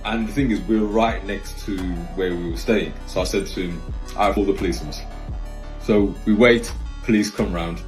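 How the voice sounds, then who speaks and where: A man telling a story in a casual, slangy, animated way, vlog style. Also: fairly low pitch, moderate pace. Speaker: vlogger. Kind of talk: storytime monologue. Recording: roomy echo with faint music.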